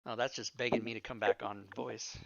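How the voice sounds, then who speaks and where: A man's voice: fairly low pitch, level tone, fairly quick, gravelly, a bit bright, dry recording, highs cut off. A man in his fifties, a player joking around with others at the table and laughing often. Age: 50s. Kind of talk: casual banter at the table.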